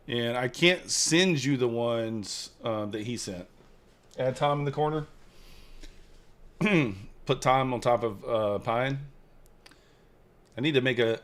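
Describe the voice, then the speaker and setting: A man's voice: medium pitch, fairly bright tone. A man rambles through a casual live stream and jokes with his viewers. His voice sits in an ordinary middle range, and he talks loosely and off the cuff. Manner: rambling, joking with chat viewers. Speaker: futures trading live streamer.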